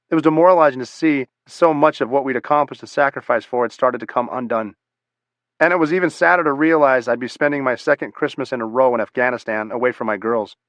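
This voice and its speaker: A man narrating a first-person memoir audiobook in a steady, measured, matter-of-fact way. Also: medium pitch, no echo, dull audio.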